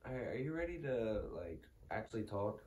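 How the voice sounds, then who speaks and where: A man's voice: lowish voice, very animated, a little fast, a little mellow, slight background noise. A young man playfully and insistently teasing his wife in a casual prank video. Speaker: prankster husband. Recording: echoey room, mic at a distance.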